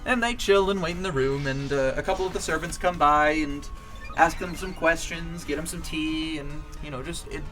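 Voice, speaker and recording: A man telling a long shaggy-dog joke on a home stream, wandering through it with fillers and restarts. His voice sits a little high for a man. Faint music plays underneath. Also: normal speed, sharp tone. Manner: rambling, many fillers and restarts.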